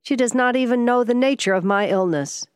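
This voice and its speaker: A woman's voice: fairly high pitch, a little fast, clean tone, no echo, clean studio sound, voice pushed up, lightly acted. A woman voicing a testy, ailing older male millionaire who speaks with vexed impatience.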